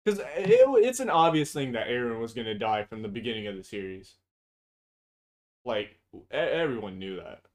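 A man's voice: medium pitch, sing-song, moderate pace. A man co-hosting a casual chat, blunt and profane, opinionated and prone to long tangents. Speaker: podcast co-host.

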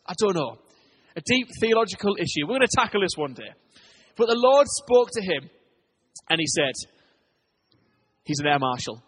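A pastor preaches to his congregation in a lively storytelling way. His voice sits fairly high for a man and has a husky edge. He pushes some lines loud and urgent and drops others to a near hush. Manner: animated storytelling preacher, swings between loud and hushed. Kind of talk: sermon.

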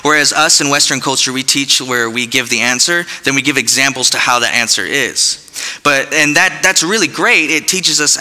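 A man's voice: medium pitch, sharp tone. A man preaching a sermon to his church, conversational and folksy with casual asides. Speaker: pastor. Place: church sanctuary. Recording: long hall reverb.

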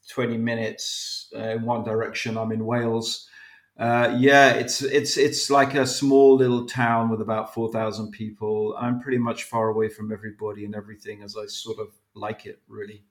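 An Englishman from England speaks at a moderate pace in a mid-range voice with little pitch movement, his accent a mix that was once posh from his schooling. He's a podcast guest in a casual interview chat, rambling and hesitant, recorded in an echoey room.

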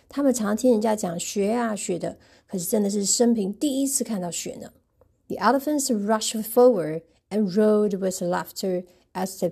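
A woman reading a picture book aloud and retelling each page gently. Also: medium pitch, gravelly, breathy edge. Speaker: storybook reader.

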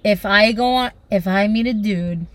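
A woman co-hosting a podcast in casual chat, blunt and expressive. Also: medium pitch, moderate pace. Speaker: podcast co-host.

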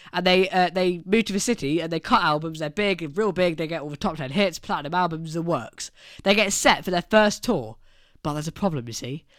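A man's voice: high voice, sharp tone, no room sound, studio quality. A man co-hosting a podcast, telling a long joke in a playful, rambling way. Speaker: podcast co-host. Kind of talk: casual joke-telling chat.

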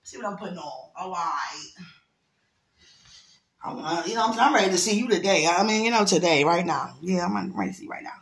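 A woman's voice: on the low side, animated, brisk. Woman, affectionate, prayerful, laughing, casual vlog talk, echoey room. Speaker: vlogger. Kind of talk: casual heartfelt talk to camera.

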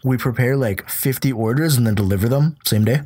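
A worn-out young man in his own podcast, chatting loosely and swearing as he rambles through a story. His voice is husky and breathy, at an ordinary pitch for a man, and he sounds short on sleep. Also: brisk, mellow. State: tired from lack of sleep. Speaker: podcast host. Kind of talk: casual podcast chat.

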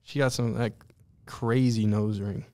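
A man's voice: on the low side, steady tone, unhurried, mellow, dry recording. A young man co-hosting a podcast, chatting casually in blunt, slangy banter. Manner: slangy, blunt, laughs easily. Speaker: podcast co-host. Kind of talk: casual chat.

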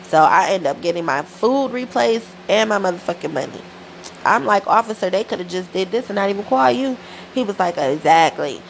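A woman's voice: mid-range voice, brisk, gravelly, a little hiss or hum, rough recording. A woman podcast host telling a story in a casual monologue, full of slang and swearing. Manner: profane, animated storytelling with slang.

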